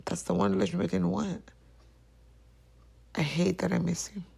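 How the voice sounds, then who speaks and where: A woman's voice: fairly low pitch, normal speed, gravelly, dark tone, husky. A woman hosting a podcast, talking candidly and emotionally about a past relationship in a confessional monologue. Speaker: podcast host.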